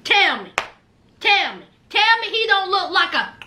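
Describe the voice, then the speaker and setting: A woman's voice: extremely high pitch, big pitch swings, a little slow, sharp tone, a little hiss or hum. A woman giving a casual recap of a reality show, sassy and speaking straight to her viewers.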